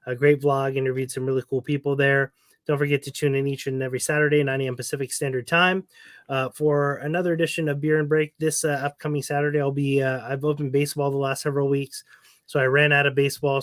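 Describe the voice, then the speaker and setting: A man's voice: medium pitch, no echo, clean studio sound. A man co-hosting a podcast, steadily plugging upcoming episodes and thanking listeners. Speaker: podcast co-host. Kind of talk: casual podcast sign-off plug.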